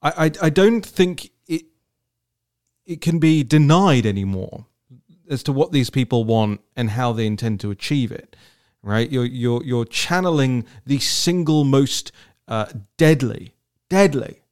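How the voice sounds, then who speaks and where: A man hosting a political talk show, talking in an animated, rambling way and often repeating words as he thinks aloud. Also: mid-range voice, a little slow. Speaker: podcast host.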